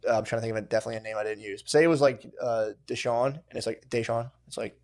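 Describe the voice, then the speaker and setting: A young man co-hosting a podcast, telling stories in a casual, profane chat with frequent laughter and quick asides. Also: lowish voice. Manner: animated storytelling, laughs often, quick asides. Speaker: podcast co-host.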